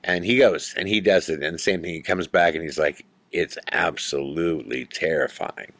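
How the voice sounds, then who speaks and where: A man hosting a podcast, telling a ghost story in an animated way that builds suspense. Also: sits low, a little fast, dry recording. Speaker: podcast host.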